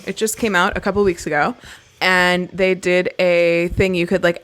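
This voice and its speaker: A woman's voice: on the low side, fairly bright tone. A woman co-hosting a podcast, chatting casually with friends, giggly and chatty with frequent restarts. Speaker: podcast co-host. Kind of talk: casual chat.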